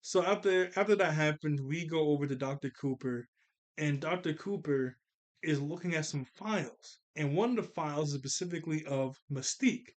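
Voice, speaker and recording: A man with a slightly raised pitch talks through a recap of a cartoon episode. His delivery is casual and excitable, full of fillers, restarts and quick laughs as he retells the plot. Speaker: show reviewer.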